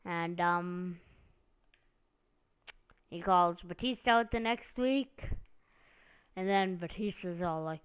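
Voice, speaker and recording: Slow, rambling woman streamer. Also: lowish voice, steady tone, smooth, lo-fi sound. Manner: rambling, meandering, heavy on "like" and "um". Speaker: wrestling stream host. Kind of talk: casual live-stream commentary.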